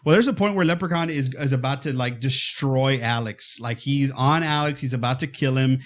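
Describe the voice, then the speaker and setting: A man co-hosting a horror podcast, casually and excitedly retelling a movie and acting out its lines. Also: medium pitch, normal speed. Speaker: podcast co-host.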